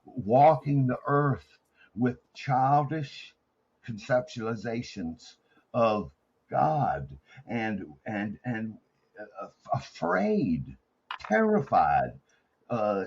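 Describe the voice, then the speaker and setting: A man rambling and effusive in a casual live-stream chat, halting with fillers. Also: mid-range voice, slightly rough, highs cut off. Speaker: panel guest.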